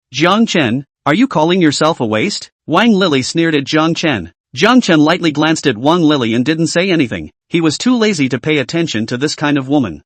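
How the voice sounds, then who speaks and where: A man's voice: fairly high pitch, animated, moderate pace, few pauses, dry recording. A man narrating a translated web comic story, voicing every character in much the same voice. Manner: reads all characters in nearly the same voice.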